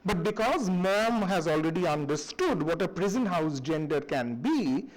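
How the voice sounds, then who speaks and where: Man, high pitch, lively anecdotal lecturer, middle-aged. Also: normal speed, poor audio. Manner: animated, anecdotal storytelling with restarts. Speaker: university lecturer. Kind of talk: public lecture. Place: lecture hall.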